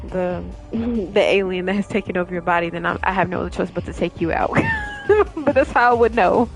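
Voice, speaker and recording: A woman's voice: medium pitch, a little mellow. A young woman streamer chatting casually with her viewers, laughing often and rambling with many fillers. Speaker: gaming streamer.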